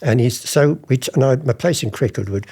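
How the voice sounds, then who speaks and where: A man's voice: medium pitch, a little fast, mellow, slightly rough. An older man, chatty in an interview, acting out old conversations as he tells his stories. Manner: chatty, acts out past conversations in different voices. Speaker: interviewee, former art forger. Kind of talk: anecdotal interview storytelling.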